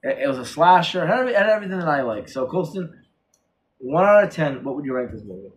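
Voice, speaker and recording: Excitable man retelling a horror plot. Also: fairly high pitch, fast. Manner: excited, rambling, with many restarts and corrections. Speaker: horror movie reviewer. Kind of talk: casual chat, retelling a film plot.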